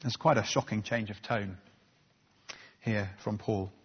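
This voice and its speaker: A man's voice: lowish voice, fairly even intonation, measured pace, slightly rough. A man preaching a sermon in an earnest, conversational way, with frequent ums and uhs. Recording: dull recording in a reverberant hall.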